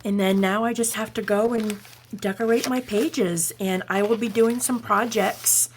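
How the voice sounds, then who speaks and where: A woman's voice: mid-range voice, steady tone, measured pace, slight background noise. A woman hosting a craft tutorial, chatting enthusiastically as she demonstrates each step. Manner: chatty and enthusiastic, narrating her steps. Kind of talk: casual hands-on craft demonstration.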